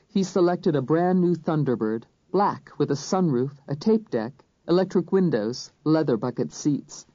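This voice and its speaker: An audiobook narrator reading a crime thriller in first person, measured and even. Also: mid-range voice, no echo. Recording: dull, dry studio recording.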